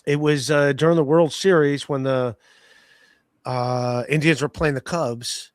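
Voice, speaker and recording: Podcast host, male, mid-pitched, rambling storyteller, dry close sound. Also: steady tone, a little slow, no room sound. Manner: rambling storytelling with many fillers and restarts. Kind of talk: casual podcast chat.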